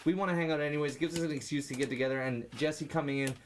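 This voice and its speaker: A drunk man co-hosting a podcast, rambling excitably and swearing freely. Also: a little high, rapid-fire, a little hiss or hum. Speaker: podcast co-host. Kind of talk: casual chat.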